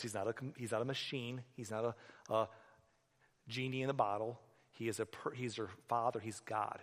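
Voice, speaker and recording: A man, a pastor, preaching a sermon in a conversational, animated storytelling manner in a church hall. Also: medium pitch. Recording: echoey hall.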